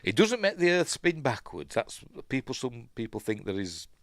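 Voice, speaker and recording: Very animated and a bit bright, this medium-pitched Yorkshire man talks at a moderate pace over a film he's watching. His review is casual and rambling, packed with fillers and chuckles, recorded dry with clean studio sound.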